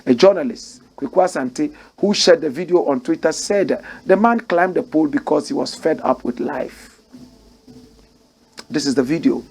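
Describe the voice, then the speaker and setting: A Ghanaian man commenting on the news in a lively, preacher-like way, and his voice sits a little higher than most men's. He leans hard on key words and repeats them for weight. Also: normal speed, gravelly, husky. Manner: animated, preacher-like, repeats phrases for emphasis. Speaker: commentary show host.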